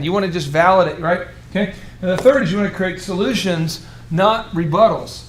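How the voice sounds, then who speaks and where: A man coaching a room of business owners, animated and joking, often acting out the voices of people he describes. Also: sits high, fairly quick, slight background noise. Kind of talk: coaching workshop talk.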